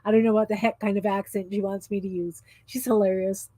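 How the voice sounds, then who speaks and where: A woman's voice: medium pitch, flat delivery, fairly quick, warm tone, dry recording. A woman in her fifties hosting a craft livestream, chatting casually in a rambling, easily sidetracked way. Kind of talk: casual chat while crafting.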